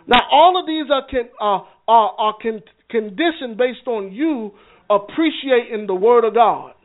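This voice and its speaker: A man's voice: extremely high pitch, animated, a little slow. A man leading a church teaching session in a conversational way, often checking in with his listeners and repeating words as he goes. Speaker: minister teaching a Bible class. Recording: phone-like narrow sound.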